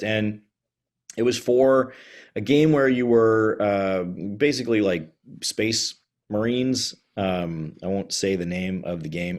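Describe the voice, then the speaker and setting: A man's voice: fairly low pitch, a little mellow. A man from Texas, a voice actor guest, telling stories in a chatty podcast interview over a video call. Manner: chatty storyteller, slips into character voices.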